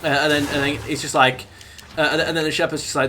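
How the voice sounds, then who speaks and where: A young man streaming a game, chatting casually in a rambling, halting way. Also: on the high side, little pitch movement, over music. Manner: rambling, halting, talks over gameplay. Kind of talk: casual gaming stream chat. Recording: noisy background.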